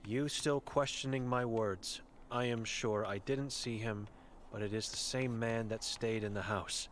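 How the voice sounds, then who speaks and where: A man's voice: medium pitch, fairly even intonation, a little hiss or hum, natural voice. A man reading for a cryptic old blind woman. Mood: grim. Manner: terse broken phrases, read slowly from chalk.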